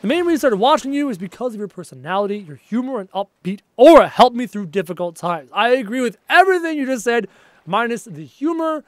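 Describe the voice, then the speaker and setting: A man's voice: very high voice, lively intonation, quick pace, no echo. A young man from Canada chatting casually while streaming a game live, reading his chat aloud and answering it.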